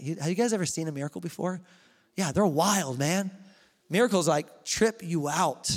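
A young adult man preaching a sermon as pastor, telling the story in a casual, animated way with slang. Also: high-pitched. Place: church. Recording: long reverb of a church hall.

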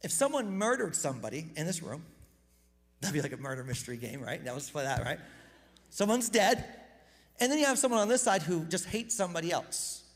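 A pastor giving a casual, conversational sermon, energetic and self-deprecating, often repeating words as he gets going. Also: on the high side, a little fast. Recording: reverberant hall.

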